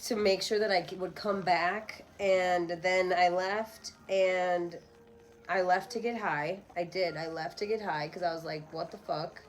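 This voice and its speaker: A woman's voice: on the low side, fairly even intonation, unhurried, a little hiss or hum, rough recording. A woman in her thirties, a podcast guest talking candidly and bluntly, with rambling asides and frequent swearing. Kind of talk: candid casual conversation.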